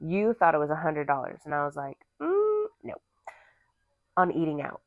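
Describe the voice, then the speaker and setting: A woman's voice: low voice, fast talker, no echo. A woman co-hosting a casual couples podcast, blunt and teasing, acting out quotes as she tells stories. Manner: teasing, blunt, acts out voices in her stories. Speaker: podcast co-host. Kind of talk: casual chat. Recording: tinny phone-like sound.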